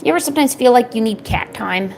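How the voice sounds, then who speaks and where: A woman's voice: fairly high pitch, expressive, quick pace, vocal fry, a little mellow, soft background music, low-quality recording. A woman streaming casually while drawing, chatting playfully to her cats.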